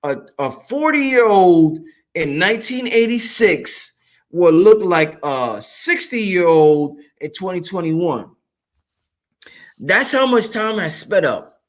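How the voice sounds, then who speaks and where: A man's voice: sits high, very animated, slow pace. A man hosting a livestream, talking casually, profane and emphatic, repeating lines for effect. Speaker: livestream host.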